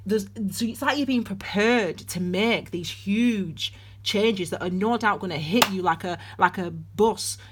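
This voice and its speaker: A woman's voice: mid-range voice, measured pace, noisy background. A woman giving a casual tarot and astrology reading, rambling and chatty with many restarts, calling her viewers darlings. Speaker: tarot reader.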